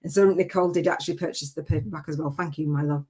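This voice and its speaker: A woman running a long live-stream masterclass as a spiritual business coach, talking in an energetic, chatty, rambling and emphatic way. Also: low voice, rapid-fire, few pauses.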